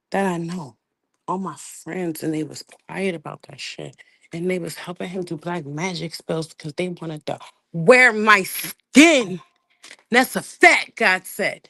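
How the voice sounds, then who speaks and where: A woman hosting a livestream in a casual rant, profane and emphatic, dropping to low mutters and rising to loud outbursts. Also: no echo. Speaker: livestream host.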